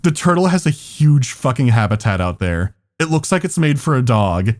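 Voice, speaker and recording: A man's voice: mid-range voice, very animated, normal speed. A man on a podcast telling a story in casual chat, laughing often and swearing as he goes. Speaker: podcast co-host.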